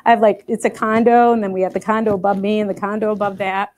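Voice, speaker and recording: A woman giving a spiritual talk to a group, telling a personal story in a chatty, animated way with many fillers. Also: mid-range voice, fast. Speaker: guest speaker. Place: spiritual center gathering.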